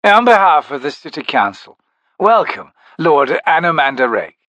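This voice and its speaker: A man's voice: fairly high pitch, big pitch swings, moderate pace, a bit bright, no echo, lo-fi sound, voice pushed up. Man doing a pompous, formal councilman. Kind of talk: audiobook character voice.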